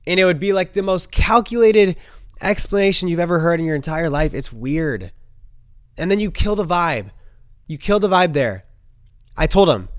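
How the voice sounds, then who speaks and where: A man's voice: high-pitched, expressive, normal speed, dry recording, clean studio sound. A young man, a bit sick, hosting his vlog and telling a story casually, peppering his talk with "bro" and "like.". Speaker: host.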